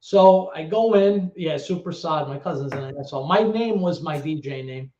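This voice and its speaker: A middle-aged man from the Bronx, telling stories in a casual interview, animated and swearing freely as he acts out other people's voices. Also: fairly high pitch, normal speed. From the Bronx, New York. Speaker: guest, former actor and DJ. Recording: echoey room, dull lo-fi sound.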